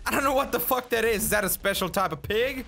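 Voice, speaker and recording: A man giving let's play commentary, swearing and exasperated, bursting into shouts, with game music behind. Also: extremely high pitch, fast, vocal fry, slight background noise. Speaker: gaming YouTuber.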